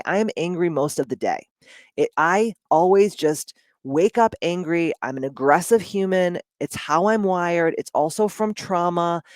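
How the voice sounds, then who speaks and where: A woman's voice: on the low side, darkish tone, dry recording. Woman, blunt casual monologue, profane, dry recording, mentor type.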